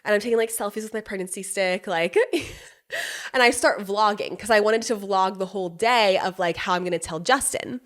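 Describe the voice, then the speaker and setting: A young woman tells a personal story on her own podcast in a loose, chatty way. She laughs often, swears freely and slips into quick impressions of the people she quotes. Her voice sits in an ordinary mid range. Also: mid-range voice. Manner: animated, laughing often, swearing, quoting others in reenacted voices. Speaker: podcast host. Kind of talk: casual storytelling monologue.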